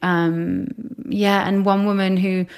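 A woman's voice: medium pitch, slow pace, gravelly, clear, resonant tone. A woman from the UK, a psychic medium guest on a podcast, telling her stories in casual interview talk and acting out the voices she quotes. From United Kingdom. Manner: animated storyteller, acts out quoted voices.

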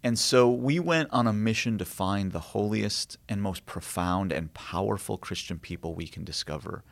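This guest author, a man, speaks at a moderate pace in a lowish voice with vocal fry. He tells stories earnestly and reflectively in conversation, often using fillers and restarting sentences.

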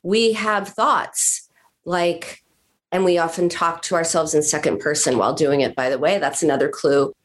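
A woman therapist on a podcast, explaining calmly and acting out what patients say to themselves. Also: low-pitched, normal speed. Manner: explanatory, acts out patients' self-talk. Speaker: therapist guest. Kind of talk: podcast conversation.

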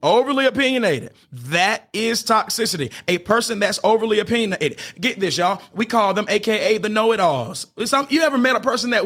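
A man's voice: sits high, animated, brisk, hardly any pauses, fairly bright tone. A man hosting an advice podcast, teaching in an emphatic, preacher-like way, often restarting his sentences and pushing points with "get this" and "hear me". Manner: often restarts and stumbles over words. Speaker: podcast host giving relationship advice.

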